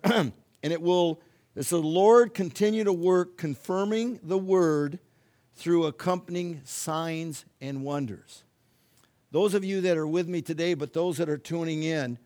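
A male pastor delivers a sermon, his voice sitting high for a man. He leans hard on single words, repeating them with building force as he speaks to people listening from home. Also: darkish tone. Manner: emphatic, repeats key words with rising force. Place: church or home, streamed to remote listeners.

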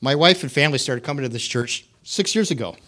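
Giving his personal testimony at church, a middle-aged American man speaks candidly and conversationally, poking fun at himself with dry, wry humor. His voice is ordinary mid-pitch and a bit bright, and he talks fast and expressively.

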